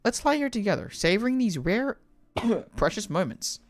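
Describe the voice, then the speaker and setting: A streamer reading aloud a game's gentle woman who coaxes a child to rest, in a soft, unhurried way. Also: medium pitch, sing-song, pitched above the performer's own voice, natural voice. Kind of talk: reading game dialogue aloud.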